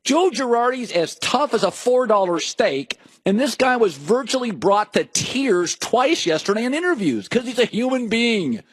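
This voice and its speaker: Animated, high-voiced sports talk host. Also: male voice, no echo. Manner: animated, joking, riffing in quick asides. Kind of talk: opinionated sports talk monologue.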